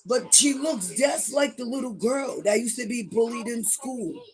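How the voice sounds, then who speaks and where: A middle-aged woman gossiping on a livestream in a rambling way, now and then breaking into loud outbursts. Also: fairly high pitch, measured pace, soft background music.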